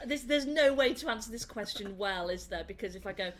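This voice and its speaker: A young woman with a Northern English accent, a comedian chatting in a casual interview and telling animated, laughing stories. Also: a little high. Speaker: comedian guest. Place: indoor room.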